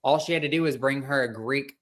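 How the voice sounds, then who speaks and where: A man's voice: mid-range voice, fast talker. A man co-hosting a casual recap podcast, emphatic and opinionated. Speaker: podcast co-host.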